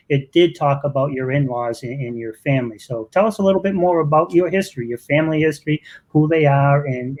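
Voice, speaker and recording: A man with a Boston accent hosting a live online interview, chatting loosely with quick asides. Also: a little high, a little mellow, rough recording. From Boston, USA. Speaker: interview host.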